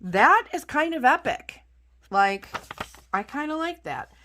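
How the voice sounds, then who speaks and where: A woman's voice: high-pitched, sing-song, slow pace, pushed and bright, slight background noise. A woman rambling in a chatty, self-deprecating way as she talks through her journal crafting at home. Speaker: craft channel host. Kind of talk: casual chat while journaling.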